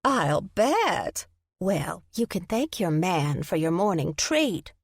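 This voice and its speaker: A woman's voice: fairly low pitch, big pitch swings, husky, dry recording, heavily acted. A woman voicing a nosy, teasing old woman who drawls her words slyly. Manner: teasing, drawn-out and sly.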